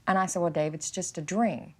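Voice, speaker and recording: Interviewee, woman, very low voice, plain conversational retelling. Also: steady tone, fairly quick. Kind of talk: recounting a personal experience.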